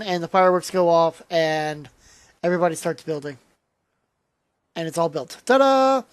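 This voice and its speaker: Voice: medium pitch, no echo. Tired, rambling gameplay commentator. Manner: rambling, with frequent restarts and trailing asides. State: tired, yawning. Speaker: channel host.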